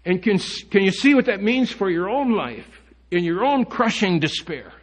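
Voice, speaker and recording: A man preaching an earnest sermon to his congregation, his voice sitting a little high for a man. He reads scripture aloud and stops to put direct questions to his listeners. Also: very animated, normal speed. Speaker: pastor. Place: church.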